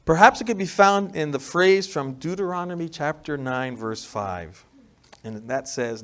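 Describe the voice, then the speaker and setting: Speaking at normal speed with a fairly high-pitched voice, a pastor with a New York accent gives a conversational sermon. He frequently checks in with "right?" and moves from loud emphasis to soft, quiet sections.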